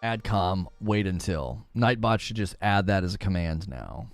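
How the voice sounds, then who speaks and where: A man's voice: low-pitched, animated, measured pace, soft background music. A man streaming, chatting casually with viewers in a rambling, laughing manner. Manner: rambling, self-interrupting, laughs often.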